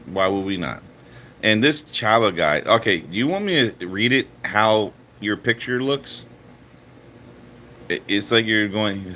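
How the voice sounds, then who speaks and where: A man's voice: lowish voice, expressive, unhurried, bright, forceful tone, slight background noise. A man streaming and reading chat aloud, laughing and mocking commenters in a loose, joking way. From Puerto Rico. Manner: mocking, laughing, puts on silly voices for chatters. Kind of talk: casual livestream chat.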